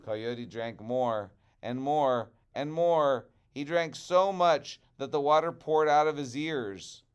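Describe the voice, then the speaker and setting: A male teacher reading a storybook aloud to children, expressive and chatty, stopping for asides with the class. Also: mid-range voice, slow pace, clean tone.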